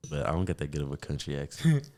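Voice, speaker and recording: Deep-voiced young man, laid-back chat. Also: fast talker. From Texas. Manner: relaxed, rambling, profane. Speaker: podcast host. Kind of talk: casual chat.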